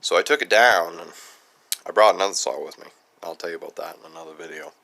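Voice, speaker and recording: Man, bright edgy tone, casual vlog storytelling, folksy. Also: low voice, fast talker, vocal fry. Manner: folksy, rambling, retells conversations. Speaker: channel host, chainsaw restorer.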